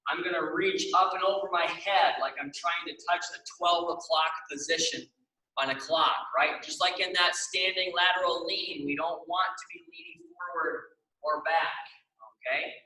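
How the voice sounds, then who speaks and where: A man's voice: fairly high pitch, steady tone, normal speed, pushed and bright, echoey room, distant mic, poor audio. A young man leading a stretching class, upbeat and encouraging, often checking in with the class. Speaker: exercise class instructor.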